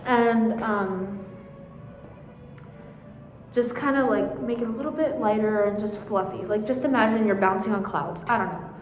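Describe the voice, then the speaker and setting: In a big, reverberant room, a woman with a mid-range voice leads a casual viola section practice at normal speed, pausing often. She speaks through a face mask, slightly out of breath, and chats informally with lots of fillers while counting the beats aloud.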